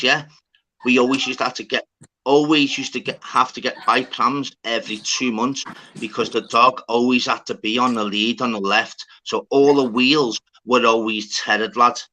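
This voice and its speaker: A man's voice: medium pitch, steady tone, moderate pace, pushed and bright, rough recording. A man telling a rambling, sweary story in casual chat. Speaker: podcast talker.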